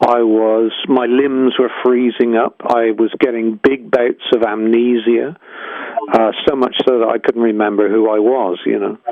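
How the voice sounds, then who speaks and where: A man's voice: medium pitch, level tone, measured pace. Older Englishman telling stories over a phone line. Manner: rambling, frank, full of restarts and acted-out quotes. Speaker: guest musician. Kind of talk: reflective storytelling interview. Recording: tinny phone-line sound, dry.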